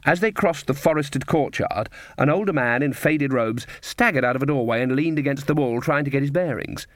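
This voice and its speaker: This is a man's medium-pitched voice reading an audiobook script in an even, unhurried storytelling style. There's no echo, and the sound is clean and studio-made.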